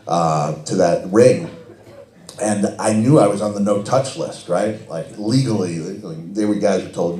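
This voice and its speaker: A middle-aged man telling animated, self-mocking stories as a guest at a fan Q&A event, laughing often. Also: deep voice, normal speed. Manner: animated, laughs often, many restarts and fillers. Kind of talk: anecdotal storytelling. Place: event hall with audience. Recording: echoey event hall.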